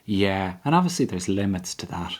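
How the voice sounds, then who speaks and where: An Irish comedian speaking as a podcast guest, with a fairly low voice. He lays out his points slowly and reflectively, in a relaxed conversational tone. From Ireland. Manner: measured, reflective explainer. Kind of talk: casual interview chat.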